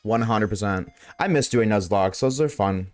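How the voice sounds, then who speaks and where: A man streaming a game live, chatting loosely with viewers at a desk mic, swearing often and swinging between a high put-on tone and his lower everyday voice. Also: moderate pace, a little mellow, soft background music. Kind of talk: casual live-stream chat while gaming. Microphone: desk microphone.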